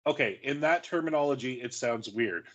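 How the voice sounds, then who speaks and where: A man's voice: mid-range voice, lively intonation, a little fast, fairly bright tone, dull audio. A man co-hosting a podcast, arguing and joking with frequent swearing. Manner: profane, joking, argumentative. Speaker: podcast co-host. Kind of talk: casual podcast banter.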